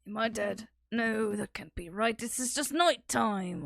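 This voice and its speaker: A woman's voice: fairly high pitch, a little slow, gravelly, hardly any pauses, crowd noise. A woman streamer reading game dialogue aloud in character, laughing along, faint game music behind.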